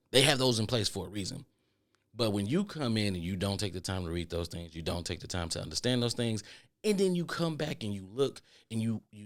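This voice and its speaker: A man hosting a solo podcast, ranting in an animated way, repeating his points for emphasis and swearing freely. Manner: animated ranting with mocking falsetto impressions. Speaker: podcast host.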